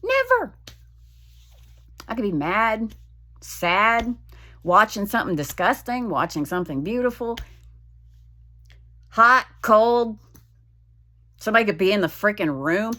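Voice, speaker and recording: A woman talking frankly in a personal vlog, venting with blunt swearing and halting restarts. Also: medium pitch, expressive, bright, forceful tone. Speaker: vlogger.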